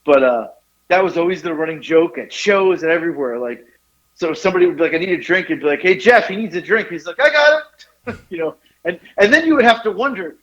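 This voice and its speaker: A man telling a funny story on a podcast, animated and often laughing at his own tale. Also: on the high side, fast, highs cut off. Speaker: podcast co-host. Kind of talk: casual storytelling chat.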